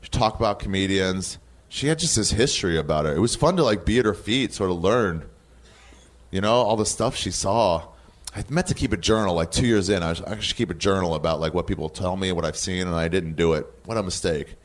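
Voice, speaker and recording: An American man in his thirties, a comedian chatting in an interview. His voice sits low, and he tells stories with lots of swearing and frequent laughter, jumping into other people's voices. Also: fairly quick. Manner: animated storyteller, acts out quotes, laughs often, swears. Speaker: comedian guest. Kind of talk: casual interview chat.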